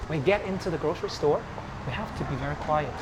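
A man, a father, walking outdoors with his child and talking casually, halting and repeating his words. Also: fairly high pitch. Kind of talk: casual walk-and-talk. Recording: loud background noise.

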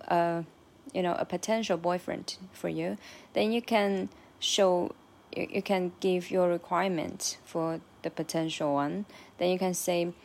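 A woman who is a Mandarin speaker, teaching a casual spoken lesson and repeating each phrase slowly and patiently for practice. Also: lowish voice. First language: Mandarin Chinese. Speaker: language teacher.

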